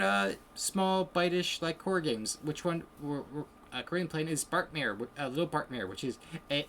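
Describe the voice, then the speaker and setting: A man hosting a live game stream, rambling along in easy, chatty talk and griping with a laugh. His voice sits at a middle pitch, with a faint hiss behind it. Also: fairly bright tone. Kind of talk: casual live-stream chat.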